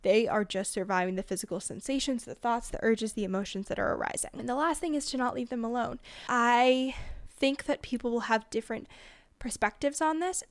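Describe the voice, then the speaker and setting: A teenage woman hosting a solo advice podcast, talking earnestly and reassuringly in quick, list-like runs. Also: fairly high pitch, no room sound. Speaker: podcast host.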